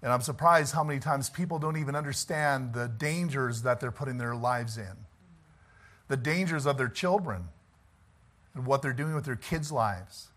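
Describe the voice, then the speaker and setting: The pastor, a middle-aged man with a mid-range, fairly bright voice, preaches at a normal speed. His folksy sermon moves from conversational asides and chuckles to emphatic insistence on his points.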